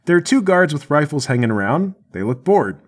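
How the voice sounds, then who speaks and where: A man narrating a tabletop game as game master, brisk and descriptive. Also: a little high, big pitch swings.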